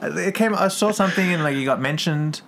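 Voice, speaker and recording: A man co-hosting a podcast in casual chat, dropping quick joking asides. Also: a little high, creaky, a bit bright. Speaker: podcast co-host.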